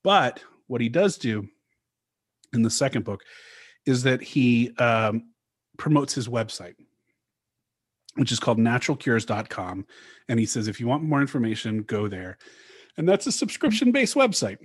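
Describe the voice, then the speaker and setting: A man's voice: medium pitch, very animated, moderate pace, long pauses, slightly rough. A man co-hosting a casual podcast, recounting a story at length with frequent restarts. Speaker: podcast co-host.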